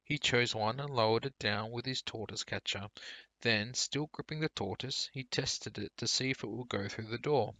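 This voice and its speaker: Bright-voiced man reading a storybook. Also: medium pitch, normal speed, dry recording. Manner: clear, steady storytelling. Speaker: teacher. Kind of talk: storybook read-aloud for pupils.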